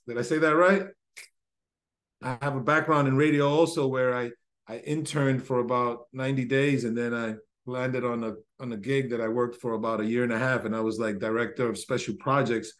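A man talks on a video call in a loose, rambling way. He sounds excited and often stops to correct himself mid-thought. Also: medium pitch, moderate pace. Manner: rambling and enthusiastic, self-correcting. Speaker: symposium participant. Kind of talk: casual discussion on a video call.

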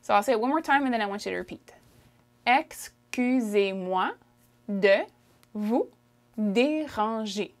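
In a mid-range voice and a Canadian French accent, a woman teaches French by modelling phrases for repetition. She stretches out her pronunciation slowly and often asks "okay?" to check in.

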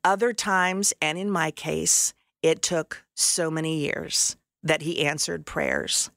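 A woman's voice: sits low, takes it slowly, gravelly, fairly bright tone, no room sound, studio quality. A middle-aged woman telling her personal faith story, earnest and heartfelt. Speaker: podcast host sharing her testimony.

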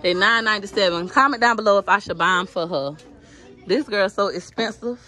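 A woman's voice: medium pitch, fairly quick, bright, forceful tone. A woman films herself shopping in a store and talks straight to her viewers. Her voice is chatty and easygoing, picked up by a handheld phone. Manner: chatty, addresses viewers directly. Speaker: vlogger. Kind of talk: casual shopping vlog.

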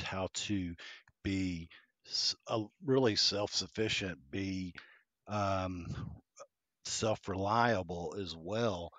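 A man in his fifties from Georgia in the US, recalling his past as a podcast guest. His voice sits low and the sound is dry and close. He speaks haltingly, with frequent ums and restarts. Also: fairly bright tone, dry recording. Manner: hesitant, with many ums and restarts. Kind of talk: casual interview storytelling.

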